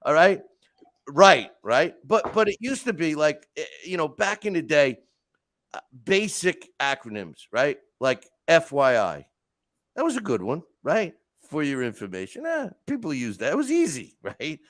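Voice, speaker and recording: A man hosting a podcast, talking through casual stories and rants in an animated way with lots of restarts. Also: a little high, unhurried, no echo. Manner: animated storytelling, frequent restarts and asides. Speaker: podcast host. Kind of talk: casual monologue.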